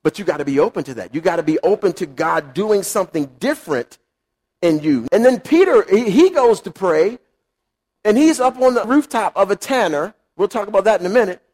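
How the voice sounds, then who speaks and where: A man preaching a sermon in an animated, conversational way, acting out quotes. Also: high-pitched, brisk. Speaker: pastor.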